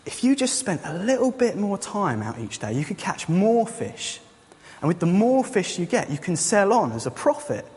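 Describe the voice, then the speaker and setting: An eager businessman, as a preacher puts him on, talks up a grand plan in a keen, selling voice. His voice sits raised and a bit high, with a long reverb from a church hall. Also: sing-song, moderate pace, darkish tone. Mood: eager, persuasive. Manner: enthusiastic sales pitch. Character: eager pushy male businessman on holiday.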